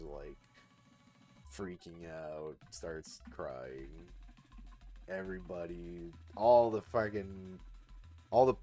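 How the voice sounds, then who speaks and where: A young man on a livestream casually pitching a story. He rambles, swears and fills every pause with "like". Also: dark tone. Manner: rambling, heavy "like" filler, cursing. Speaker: artist streamer.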